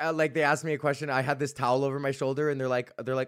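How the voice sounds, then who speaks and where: Young male comic podcast host from Canada, casual, rambling, swears freely, average pitch. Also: fast. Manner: rambling, profane, laughs at own stories. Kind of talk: casual comedic monologue.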